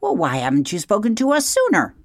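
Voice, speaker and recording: A storyteller voicing an excitable male owl who screeches and shrills in a children's storybook read-aloud. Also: unhurried, no room sound, clean studio sound. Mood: screeching. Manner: screechy, rising to high cries.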